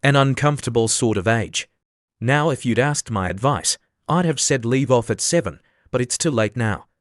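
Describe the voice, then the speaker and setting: In an audiobook, a man voices a haughty, easily offended egg character who lectures and quibbles self-importantly. The delivery is animated and argumentative at a middle pitch close to an everyday voice, recorded dry and close with no echo.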